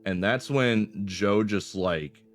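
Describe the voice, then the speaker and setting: Deep-voiced guy in his 20s rambling thru a story, swears a ton, faint music underneath. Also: takes it slowly. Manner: swears a lot, loose rambling delivery with fillers. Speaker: vlogger telling a personal story. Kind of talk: casual storytelling.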